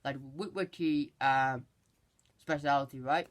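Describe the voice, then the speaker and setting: This is a casual film recap from a movie reviewer whose medium-pitched delivery halts and rambles. There are many restarts and frequent exasperated asides.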